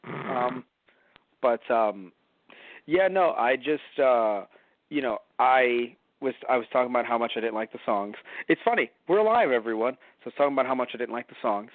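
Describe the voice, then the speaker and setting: A man co-hosting a casual podcast chat, animated and profane, laughing often. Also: medium pitch, moderate pace, dry recording. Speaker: podcast co-host. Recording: dry, phone-like lo-fi sound.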